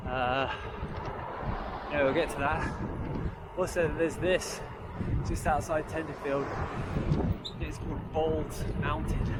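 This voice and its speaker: A man vlogging casually as he rides a bicycle along a country highway, rambling and chuckling as he talks to viewers over wind and road noise. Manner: rambling, chatty asides to viewers, chuckles often. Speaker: touring cyclist vlogger. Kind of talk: casual vlog narration while cycling.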